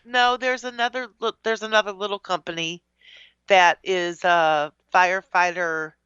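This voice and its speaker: A woman's voice: lowish voice, fairly even intonation, moderate pace, fairly bright tone, clear, resonant tone, no room sound, dull audio. A woman co-hosting a radio show, teasing and dry in casual banter. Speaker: radio co-host.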